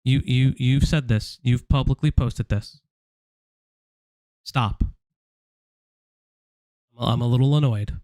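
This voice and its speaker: Man, stream host, blunt, confrontational, middle pitch, dry close sound. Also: slow pace, pauses often, warm tone, no room sound. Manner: blunt and confrontational, addressing someone directly. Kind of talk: casual live-stream commentary.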